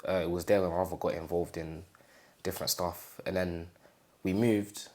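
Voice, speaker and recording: Low-voiced young man telling his story. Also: steady tone, a little mellow. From England. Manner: halting, repeats phrases, acts out quoted family speech. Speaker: interviewee. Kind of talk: casual personal storytelling.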